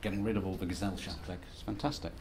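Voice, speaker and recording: A man's voice: sits low, fairly even intonation, fast, gravelly, darkish tone. A man giving a conference presentation as an academic, lecturing in a wry, self-deprecating, conversational way. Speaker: academic speaker.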